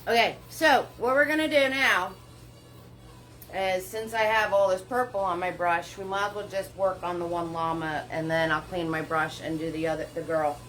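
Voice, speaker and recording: A woman's voice: on the low side, fairly even intonation, a bit bright, low-quality recording. A woman teaching a live paint-along class, chatty and encouraging, talking herself through each brush step with little laughs. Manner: slow, unhurried delivery with little laughs. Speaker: painting instructor.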